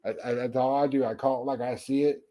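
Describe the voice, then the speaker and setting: A man's voice: medium pitch, steady tone, quick pace, dark tone. A man hosting a casual livestream chat, greeting viewers and talking bluntly with heavy swearing and frequent restarts. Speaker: livestream host.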